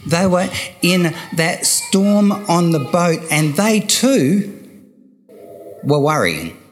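Older aussie guy preaching, slow and emphatic, kinda high voice, repeats himself for effect. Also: sing-song, a little hiss or hum. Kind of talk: sermon.

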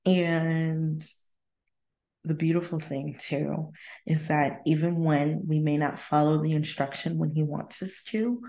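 A woman's voice: low voice, steady tone, slow, warm tone. A woman hosting her own podcast from her apartment. She talks through her personal faith journey candidly and reflectively, breaking into laughter between thoughts. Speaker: podcast host. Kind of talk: casual faith-sharing monologue. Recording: roomy echo in a home room.

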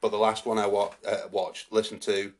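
A man's voice: fairly low pitch, level tone, normal speed, a little hiss or hum. A man, co-hosting a casual podcast chat and rambling with lots of fillers. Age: 40s. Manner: rambling, with many fillers and restarts. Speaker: podcast co-host.

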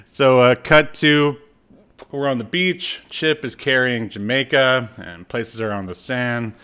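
Smooth-voiced man recapping with laughs. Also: medium pitch, a little slow, fairly bright tone. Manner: laughs while retelling, acts out character lines. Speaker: podcast co-host recapping an episode. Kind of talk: casual chat.

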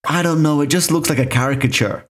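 A man's voice: on the high side, fast talker. A man from Italy with an Italian accent, a native Italian speaker co-hosting a podcast in easygoing, jokey chat. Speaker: podcast co-host. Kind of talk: casual chat.

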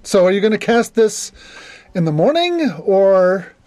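A man's voice: high voice, very animated, unhurried, a little mellow. A man running a tabletop game as game master, asking the players plain rules questions.

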